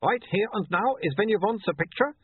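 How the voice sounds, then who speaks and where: A man's voice: high voice, animated, brisk, slightly rough, dry recording, voice pushed up. A man voicing an anxious, earnest male vampire photographer with a put-on foreign accent and stiff phrasing. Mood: eager. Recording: tinny phone-like, dry.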